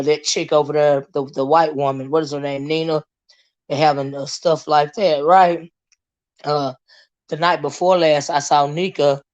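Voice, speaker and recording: A hoarse woman, hosting a casual livestream, greeting viewers and chatting with many fillers and asides. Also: low-pitched, muffled recording. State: hoarse, lost her voice. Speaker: livestream host.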